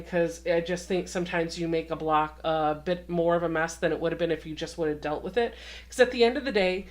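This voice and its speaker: A young adult woman hosting a casual home sewing tutorial, chatty and self-deprecating as she walks through each step. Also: on the low side. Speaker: quilting channel host.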